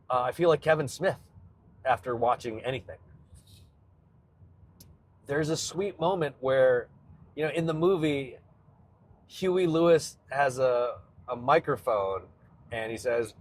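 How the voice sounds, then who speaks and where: A man's voice: medium pitch, unhurried, long pauses. A male comedian hosting his own show, chatting casually and rambling about a film's guitar with nerdy enthusiasm, often cutting himself off mid-sentence. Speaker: comedian podcast host. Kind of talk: casual solo chat. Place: in a car on a road trip.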